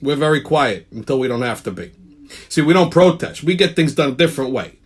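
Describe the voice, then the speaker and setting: A man's voice: medium pitch, animated, fast talker, husky. A man hosting his own channel, delivering a profane comedic rant in a brash tough-guy manner and repeatedly asking "okay?". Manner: heavy swearing. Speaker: channel host.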